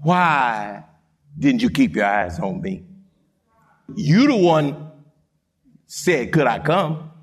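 Man putting on a deep soothing savior guy, slow and folksy. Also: sing-song, husky, heavily acted. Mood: chiding. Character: calm reassuring adult male savior.

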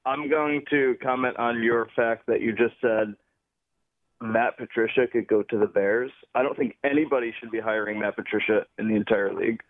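A man's voice: medium pitch, moderate pace, no room sound. A man calling in to a sports radio show, confident and chatty, laughing easily. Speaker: caller. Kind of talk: call-in sports chat. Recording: tinny phone line.

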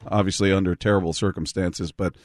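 Man, radio host, low voice, dry close studio mic, reflective, restarting phrases. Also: steady tone, brisk, dry recording. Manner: warm repetitive restarts, reflective. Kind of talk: call-in radio tribute chat.

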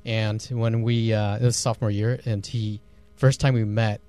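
A man from California co-hosting an investing radio show, a relaxed storyteller. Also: on the low side, moderate pace, smooth. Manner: relaxed storyteller, acts out quotes. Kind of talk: casual radio talk.

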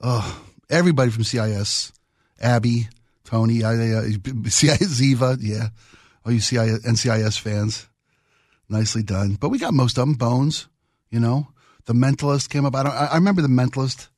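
A middle-aged man talks on the radio in a loose, rambling way, piling up half-finished thoughts with real enthusiasm. His voice has a slightly husky edge. It is close-miked and dry, with no room sound. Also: medium pitch, fairly quick, darkish tone, no echo. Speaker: radio host. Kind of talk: casual radio chat. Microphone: studio microphone.

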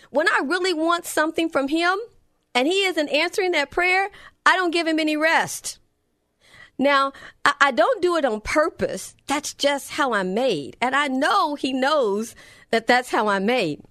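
A woman's voice: sits high, a bit bright, dry recording, clean studio sound. A middle-aged woman preaching a sermon, telling a personal story in a fervent, heartfelt way.

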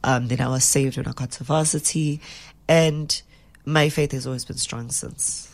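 Brief: South African actress, deep husky low voice with gravelly fry, lively and laughing. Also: female voice, normal speed. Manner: animated, laughing, mixes in Zulu phrases. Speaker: actress, interview guest. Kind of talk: casual interview chat.

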